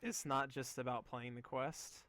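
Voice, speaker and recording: A man's voice: medium pitch, fairly even intonation, a little slow, fairly bright tone, soft background music. A young man streaming a game, chatting casually in a rambling, amused way full of fillers. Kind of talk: casual gameplay chat.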